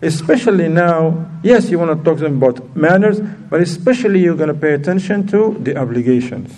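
Animated and fairly quick, a man with a higher, darkish voice gives a casual religious lesson. He chats easily and quizzes his listeners along the way, though he sounds distant from the microphone.

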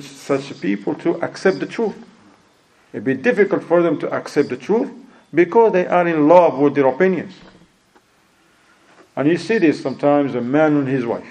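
A man's voice: a little high, darkish tone, rough recording. A man giving a sermon who acts out quoted people and mixes in Arabic phrases. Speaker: preacher.

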